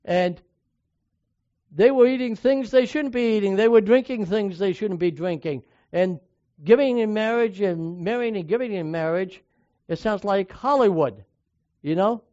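A man's voice: high voice, moderate pace, a little mellow, no echo. A man preaching a sermon, reading scripture aloud and asking his listeners questions in short, emphatic phrases. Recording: dull lo-fi sound.

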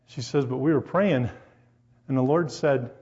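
A man with a mid-range voice, speaking a little slowly, preaches in a church hall to a congregation. He is animated, drawing on personal stories and firing questions directly at those listening. The recording lacks high frequencies.

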